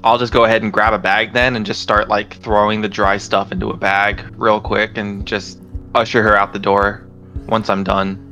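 Flat, bright-voiced man player. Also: lowish voice, moderate pace, faint music behind. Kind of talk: casual tabletop play.

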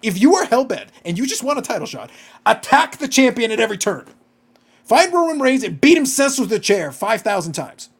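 A man's voice: very high-pitched, very animated, a little fast, slightly rough. A man co-hosting a casual podcast chat, ranting with profanity and disbelief. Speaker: podcast co-host.

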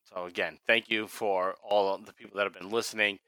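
A podcast host from Massachusetts with a Boston accent runs a casual wrestling show, swearing freely and laughing often. His voice is low-leaning, bright and forceful, a little fast with fairly even intonation, and there's no room sound.

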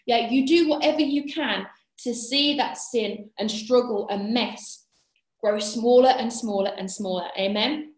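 A woman's voice: fairly high pitch, unhurried. Earnest woman preaching to youth. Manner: earnest, repeats "yeah?" to check in with listeners. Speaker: youth speaker. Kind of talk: youth devotional talk. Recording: echoey room.

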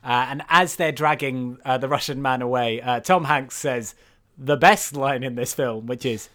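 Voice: medium pitch, moderate pace, fairly bright tone. Amused podcaster recapping a film. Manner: amused, laughs often. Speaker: podcast co-host.

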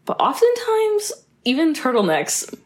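A young woman in her twenties co-hosting a podcast in casual chat, telling stories with lively quoted voices. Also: sits high, measured pace. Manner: chatty, animated storytelling with quoted voices. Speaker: podcast co-host.

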